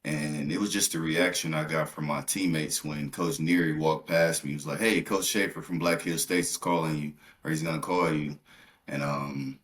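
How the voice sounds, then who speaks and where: A man from Milwaukee, a podcast guest, telling his story in relaxed casual chat with fillers. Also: extremely low pitch, moderate pace.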